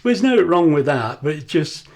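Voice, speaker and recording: A man's voice: on the high side, big pitch swings, moderate pace, a little mellow. Chatty older man in kitchen. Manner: chatty, rambling anecdotes, laughs often. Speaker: cooking vlogger. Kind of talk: casual kitchen vlog chat.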